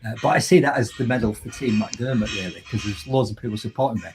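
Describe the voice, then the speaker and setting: A man with a Yorkshire accent, chatting as a guest in a live video call and telling lively, animated anecdotes. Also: fairly low pitch, fast. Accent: Yorkshire English. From Yorkshire, England. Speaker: guest, motivational speaker. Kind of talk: casual storytelling in a live video chat.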